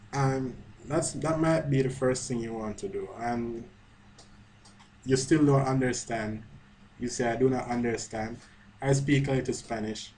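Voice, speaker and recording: A man's voice: mid-range voice, darkish tone, a little hiss or hum, rough recording. A man giving a screen-recorded language lesson in a chatty way, correcting himself as he types. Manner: chatty, self-correcting, talks while typing. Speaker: language teacher. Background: faint keyboard typing.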